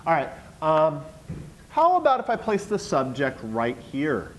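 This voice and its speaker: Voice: mid-range voice, wildly swooping pitch, measured pace, a little hiss or hum, low-quality recording. A teacher giving a classroom lesson, coaxing the students with question after question.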